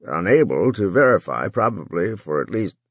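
A man's voice: low-pitched, very animated, normal speed, breathy edge, no echo, full character voice. A man voicing an older businessman droning formally over a one-way phone line in an audiobook.

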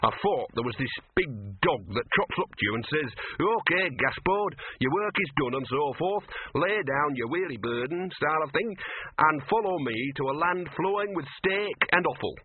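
A scruffy, world-weary little dog with a hoarse, gruff voice and rough slangy talk, as a man puts him on. The tone is husky. It comes through thin and phone-like, as from a radio reading. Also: a little high, animated, moderate pace, voice pushed up. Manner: gruff, rough street grammar. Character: scruffy, weary, wisecracking small male dog. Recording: narrow phone-like radio sound.

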